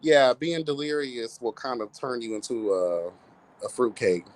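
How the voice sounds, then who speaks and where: A livestream host gossips casually at home with her cats, sassy and chatty, using girl and honey for her listeners and bursting into bits of song and laughter. Her voice is medium-pitched, expressive and unhurried.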